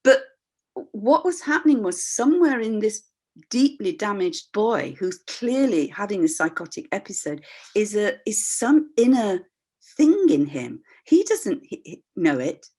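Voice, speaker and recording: Older woman telling an expressive, candid story. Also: medium pitch, measured pace. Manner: expressive, acts out voices in her stories; candid, reflective, with frequent restarts. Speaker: voice practitioner and workshop leader. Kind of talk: personal storytelling talk. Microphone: video call.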